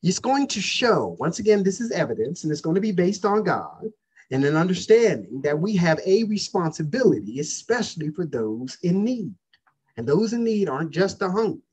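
A man's voice: high-pitched, big pitch swings, normal speed, a little mellow, breathy edge. A man preaching a sermon, calling out questions to his congregation. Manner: preaching with call-outs to the congregation. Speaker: pastor.

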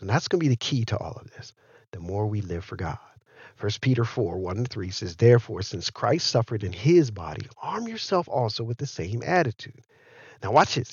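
A man preaching a sermon, animated, often asking his listeners whether they understand. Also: medium pitch, breathy edge, no echo, dull audio. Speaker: pastor.

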